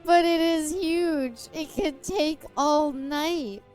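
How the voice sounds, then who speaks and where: A woman's voice: high-pitched, slow, a little mellow, soft background music, pitched above the performer's own voice. A woman voicing a shy young female lizard-folk maid, speaking demurely and formally.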